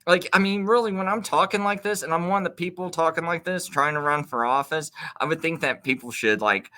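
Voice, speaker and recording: Guy on his own channel going off in a long ramble, bright edgy voice, keeps restarting. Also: a little high, fairly quick. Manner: rambling, many restarts, heated. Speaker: video host. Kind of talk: casual ranting monologue.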